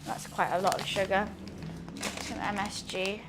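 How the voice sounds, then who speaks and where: A woman's voice: mid-range voice, level tone, measured pace, background noise. A young woman chatting casually to herself while cooking on a livestream, swearing now and then. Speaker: streamer.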